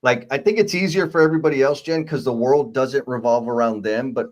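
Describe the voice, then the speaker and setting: A man's voice: mid-range voice, a little fast. A man co-hosting a live stream, chatting casually, reading viewer comments aloud and joking about himself. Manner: animated, playful, self-mocking. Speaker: co-host of a live show.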